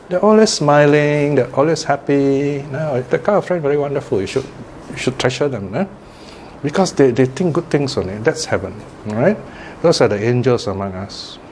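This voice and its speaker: A man's voice: medium pitch, a little mellow, a little hiss or hum. A man, a Buddhist teacher giving a chatty Dharma talk, laughing often and tossing in asides. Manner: chatty, laughs often, lots of "you know".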